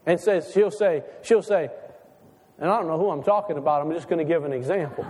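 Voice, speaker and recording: Male pastor, high tenor, chatty down-home sermon delivery, long hall reverb. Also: brisk, darkish tone, a little hiss or hum. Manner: folksy, conversational preaching with rhetorical questions.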